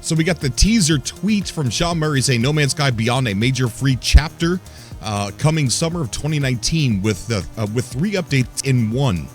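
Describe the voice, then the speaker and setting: A man's voice: medium pitch, expressive, moderate pace, faint music behind. A young man hosting his own gaming channel, talking casually and cheerfully to viewers with a grin in his voice and frequent fillers. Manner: upbeat, smiling, rambling with fillers. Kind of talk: casual solo video commentary.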